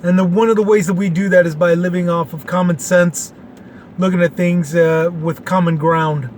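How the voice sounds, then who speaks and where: A man's voice: high voice, steady tone, moderate pace, a little mellow, a little hiss or hum. A man in his late forties from Texas, hosting a casual opinion show in a rambling, folksy way with many fillers. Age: 40s. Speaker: podcast host.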